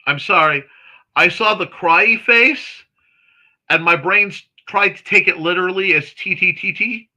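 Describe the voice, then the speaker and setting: Male stream host with a high-ish, very bright voice, chatty and quick with snarky jokes while greeting chat. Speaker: host of a morning livestream chat show. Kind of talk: casual livestream chat, reading viewer comments aloud.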